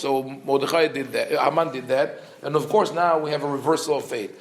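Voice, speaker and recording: A man, a rabbi, teaching a scripture class. He explains with dry humor and many fillers, and reads verses quickly in a chant. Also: medium pitch, fairly even intonation. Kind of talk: Torah class lecture.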